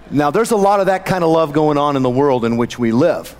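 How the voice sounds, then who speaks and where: A man preaching a sermon in a church, his voice sitting a little high for a man. He slows down to stress scripture quotes. The sound rings on in a long hall reverb. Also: lively intonation. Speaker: pastor. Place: church sanctuary.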